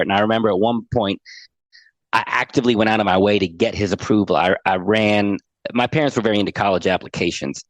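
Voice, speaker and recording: A man's voice: lowish voice, no echo. A middle-aged man on a podcast, earnestly telling a heartfelt personal story as an anxiety coach and often repeating words as he goes.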